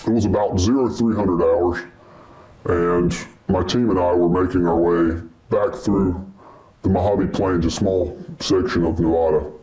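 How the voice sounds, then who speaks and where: A man's voice: sits low, steady tone, a little slow, lo-fi sound, crowd noise. A man playing a secretive former military officer who uses clipped jargon and hesitates with fillers.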